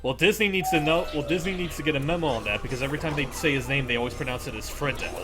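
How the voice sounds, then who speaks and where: Fast, rambling voice joking over game music. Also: mid-range voice. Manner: rambling, jokey, quick. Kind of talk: casual group let's play chat. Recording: gameplay music underneath.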